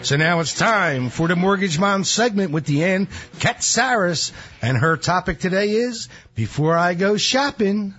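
A man's voice: high-pitched, a little slow, slightly rough, dull audio, soft background music. A man hosting a casual radio show, chatty and jokey, telling stories. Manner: jokey, animated storyteller.

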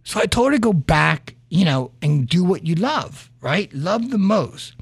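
A man's voice: high-pitched, very animated, a little slow, husky, dry recording. A man hosting a podcast, giving an earnest motivational monologue full of stories and "right?" asides. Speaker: podcast host.

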